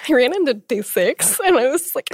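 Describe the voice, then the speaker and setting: A woman's voice: high voice, lively intonation, a little fast, a little hiss or hum. Bubbly young woman, podcast guest. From United States. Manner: bubbly, laughs often, acts out quotes. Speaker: guest singer. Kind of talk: casual podcast chat.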